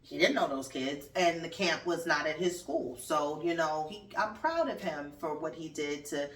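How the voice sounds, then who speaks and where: A woman in her thirties hosting her podcast in casual solo chat, animated, swearing and laughing as she talks. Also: low voice, normal speed, distant mic. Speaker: podcast host. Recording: roomy echo, off-mic.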